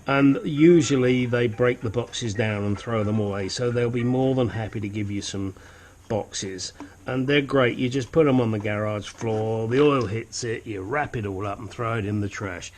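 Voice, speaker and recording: This auto mechanic has a mid-range, darkish voice and talks at a normal speed. Working through a hands-on repair tutorial, he mutters and grunts while struggling with the car's parts.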